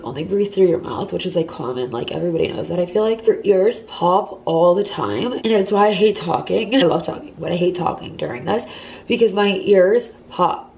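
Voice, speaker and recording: A woman's voice: mid-range voice, a little mellow, husky. A young woman in her twenties, congested and talking strangely, chatting casually in a recovery vlog with lots of "like". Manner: chatty, lots of "like", dips into whispers. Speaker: vlogger.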